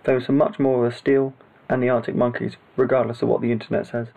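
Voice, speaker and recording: A gravelly-voiced man narrating a video tour of his hometown. He speaks at an ordinary pitch and sounds proud of where he lives. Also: flat delivery, quick pace, narrow, tinny audio. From England. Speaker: viewer video presenter.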